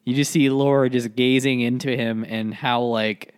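A man's voice: medium pitch, steady tone, moderate pace, smooth. A young man co-hosting a casual film podcast, laid-back, swearing and trailing off mid-thought. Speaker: podcast co-host.

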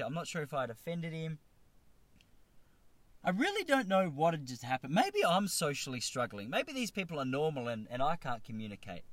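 A man's voice: fairly high pitch, a bit bright, dry recording. Rambling Australian man in his thirties. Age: 30s. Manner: rambling, self-deprecating, stumbling restarts. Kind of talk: comedic monologue.

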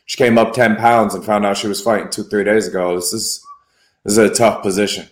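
Man, lowish voice, echoey room, analytical, stat-citing sports chat. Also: level tone. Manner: measured, analytical, cites records and stats. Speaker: podcast co-host. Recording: roomy echo.

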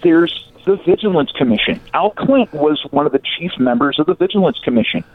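Male storyteller, lively swooping delivery, slightly high voice, tinny phone-like dry sound. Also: a little fast, no room sound. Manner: animated, acts out quoted voices. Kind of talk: casual storytelling of local history.

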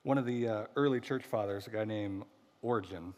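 A man's voice: lowish voice, brisk, darkish tone, in a large hall. A male pastor giving a casual, humorous sermon and acting out quoted voices. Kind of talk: conversational sermon.

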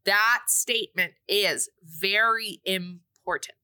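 Bright, animated woman recapping a movie. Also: medium pitch, slow pace, smooth. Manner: animated storytelling with playful quoted voices. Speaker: podcast co-host recapping a movie. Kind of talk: casual chat.

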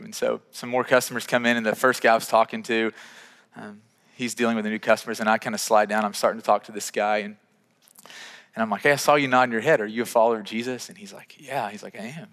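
A man preaching a sermon, telling a personal story with acted dialogue in an animated, self-deprecating way. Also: lowish voice, quick pace, vocal fry. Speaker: pastor. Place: church sanctuary. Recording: reverberant church hall.

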